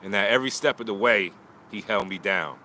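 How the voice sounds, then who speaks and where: A man's voice: lowish voice, fairly quick, sharp tone, slight background noise. A man talking live about loss and motivation in short, preaching lines, recorded outdoors on a phone. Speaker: martial arts teacher streaming live. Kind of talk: emotional live stream talk.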